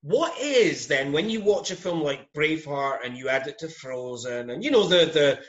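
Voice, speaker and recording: A Scottish man talks films in a casual, emphatic way, his voice on the higher side and swinging widely in pitch. The recording sounds dull and lo-fi. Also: normal speed. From Scotland. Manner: animated, emphatic, says "mate" often. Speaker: podcast guest recommending films. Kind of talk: casual chat.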